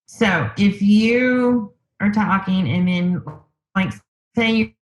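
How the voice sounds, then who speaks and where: In a conversational interview, the woman takes her time recounting something personal, filling pauses as she thinks out loud. Her voice sits in the mid range, and the recording quality is rough.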